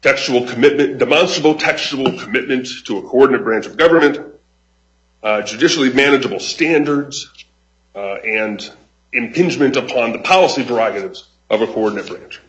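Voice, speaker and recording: A man giving a formal oral argument as counsel before a high court, measured and deliberate with frequent restarts. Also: a bit bright, highs cut off. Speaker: attorney arguing an appeal.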